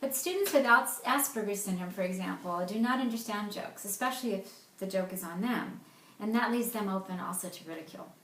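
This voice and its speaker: A woman talks through a lesson at a middle pitch, reading jokes aloud with lively, playful emphasis. Her voice rings a little in an echoey room. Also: a little fast. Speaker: speech therapist presenting a therapy game. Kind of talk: explanatory presentation.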